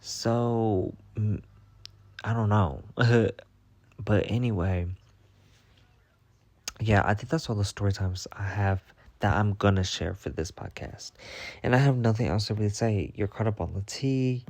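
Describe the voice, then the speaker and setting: A man's voice: on the low side, a little slow, pauses often, darkish tone, dry recording. A young man telling gossip stories in a casual, profane, dramatic monologue, full of "I'm like" retellings. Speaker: storyteller. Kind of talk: casual story-time monologue.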